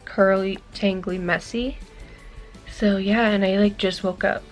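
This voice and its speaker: A woman's voice: medium pitch, fairly even intonation, a little slow, soft background music. A young woman vlogs into a handheld camera, chatting casually and a little out of breath. Her talk rambles along with fillers. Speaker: vlogger.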